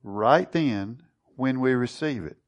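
Gravelly-voiced man preaching a sermon. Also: medium pitch, expressive, slow. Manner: teaching, asks the congregation questions. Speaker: pastor.

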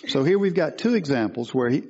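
A man's voice: on the high side, expressive, brisk, warm tone, slightly rough, muffled recording. A man preaching a sermon, teaching through scripture and asking questions of his listeners. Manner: teaching, asks questions of the congregation.

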